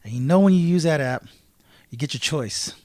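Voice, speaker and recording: A man co-hosting a casual podcast, telling a story in an animated way and acting out both sides of an argument. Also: a little high, normal speed, no room sound. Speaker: podcast co-host.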